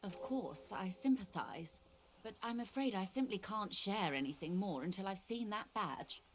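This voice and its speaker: A woman's voice: medium pitch, animated, moderate pace, slight background noise, close to an everyday voice. An actress voicing a composed, formal woman negotiator in a video game. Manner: polite, crisp, composed.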